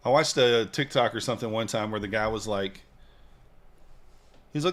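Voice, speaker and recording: A man's voice: on the low side, normal speed, long pauses. A man hosting a live trading stream, chatting casually, joking and answering viewers' comments. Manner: laid-back, joking, reads and answers chat. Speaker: livestream trading host.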